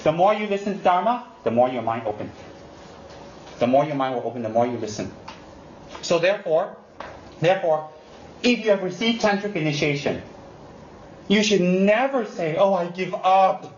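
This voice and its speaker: Animated male Buddhist teacher, roomy lo-fi recording. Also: a little high, normal speed, long pauses. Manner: animated and teasing, mimics excuses, repeats emphatic warnings. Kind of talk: unscripted dharma talk to students. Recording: roomy, dull lo-fi recording with faint hiss.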